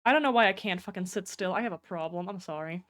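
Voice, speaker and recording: A woman's voice: mid-range voice, fast, a bit bright. A young woman streaming live, chatting casually with viewers, rambling, swearing freely and greeting people in chat by name.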